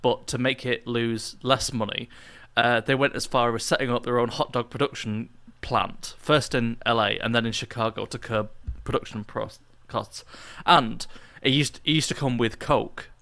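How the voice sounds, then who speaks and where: A man co-hosting a podcast in casual chat, rambling and halting with many restarts. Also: medium pitch, fairly even intonation, pushed and bright, no echo. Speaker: podcast co-host.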